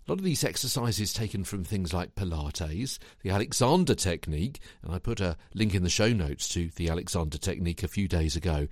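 A man hosting his own podcast, coaching listeners through voice warm-up exercises in a lively, sing-song way. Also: brisk, hardly any pauses, no echo. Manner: lively, sing-song delivery with big pitch swings. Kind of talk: solo instructional podcast.

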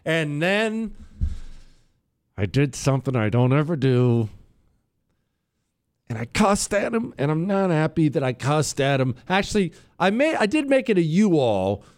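A man telling a travel story on air, animated and sarcastic, swinging between loud and quiet. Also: fairly high pitch, unhurried, long pauses. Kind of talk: storytelling monologue.

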